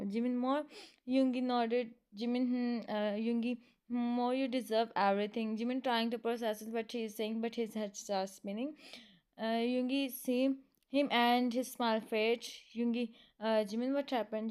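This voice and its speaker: A woman reading a romance fan story aloud in a casual, halting way, with many fillers and restarts. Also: fairly high pitch, steady tone, a little mellow, clean tone. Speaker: fan fiction reader.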